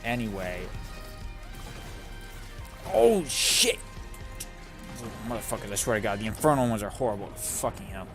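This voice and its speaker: Male streamer, low voice, rambling casual chat with heavy swearing, over loud game music. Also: fast talker, few pauses. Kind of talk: casual live-stream chat while gaming.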